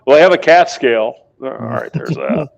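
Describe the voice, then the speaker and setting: Gravelly-voiced man hosting a joking group call. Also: mid-range voice, moderate pace. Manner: joking, laughs often, crude humor. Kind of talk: casual banter on a group call.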